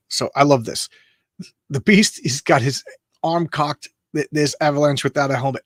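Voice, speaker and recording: A man casually reading a comic aloud and commenting on it, halting and rambling with many restarts, lifting his voice a little for speech balloons. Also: medium pitch, a bit bright, no echo. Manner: reads speech balloons aloud in a lightly raised voice. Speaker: comic book show host.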